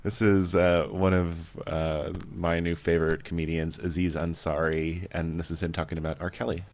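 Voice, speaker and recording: Deep-voiced male host, casual chat. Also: little pitch movement, darkish tone, slight background noise. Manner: rambling, halting, laughs often. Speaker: radio show host.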